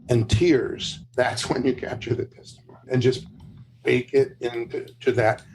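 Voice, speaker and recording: A man's voice: mid-range voice, a little hiss or hum, poor audio. A man who is a guest on a podcast, telling stories with enthusiasm over a video call. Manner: enthusiastic, storytelling with acted quotes. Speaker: podcast guest, brand consultant. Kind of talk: casual interview chat.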